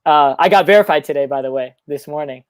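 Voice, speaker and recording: A young man, a guest musician, chatting eagerly in quick run-on sentences on a live stream. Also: a little high, clean tone, no echo. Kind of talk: casual chat on a live stream.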